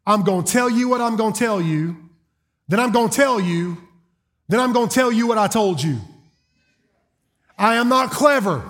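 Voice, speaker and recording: Folksy Southern preacher, high voice. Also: male voice, moderate pace, long pauses, a bit bright. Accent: Southern American. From South Carolina. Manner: folksy, joking storyteller. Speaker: guest preacher. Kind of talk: sermon. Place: church auditorium.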